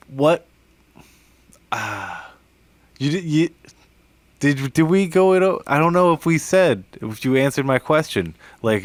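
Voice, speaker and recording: A man's voice: medium pitch, no echo. A man hosting a podcast, laid-back and casual, swearing often as he asks questions. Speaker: podcast host. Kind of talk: casual chat.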